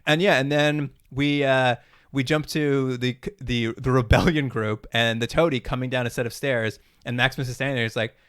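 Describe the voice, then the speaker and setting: A man's voice: mid-range voice, steady tone, a bit bright, clear, resonant tone, no echo. Dry-miked man recapping, playful. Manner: acts out scene dialogue with quick voices and laughs. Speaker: podcast host. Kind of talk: casual recap chat.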